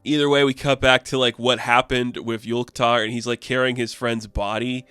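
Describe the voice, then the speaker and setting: A man's voice: mid-range voice, little pitch movement, moderate pace, bright, forceful tone, clean tone, no room sound. A young man casually recapping a comic book issue, rambling with fillers and laughs.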